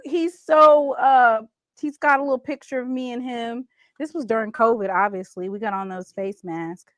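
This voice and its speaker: A woman's voice: high voice, animated, unhurried, no room sound, clean studio sound. A woman, hosting a casual livestream chat and playfully reading viewer comments. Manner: chatty, playful, reads viewer comments aloud. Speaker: livestream host.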